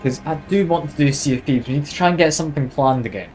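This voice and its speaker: Speaking fast with a fairly high pitch and a darkish tone, a Scottish man banters casually with his audience during a game live stream. Soft music plays in the background, and he stays relaxed and talkative, addressing chat as he plays.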